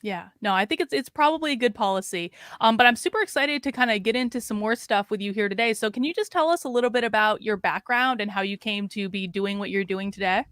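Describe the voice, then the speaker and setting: A woman's voice: medium pitch, fast talker, hardly any pauses, fairly bright tone, dry recording, studio quality. A woman hosting a live online show over a video call, upbeat as she promotes her book and welcomes a guest. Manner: upbeat, promotional, plainly spoken. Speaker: host and author. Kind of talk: casual interview hosting.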